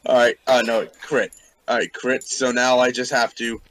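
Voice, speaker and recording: A man's voice: mid-range voice, level tone, normal speed, fairly bright tone, no room sound. A man playing a tabletop game, chatting casually and sounding unsure as he reads through his character sheet. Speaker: player.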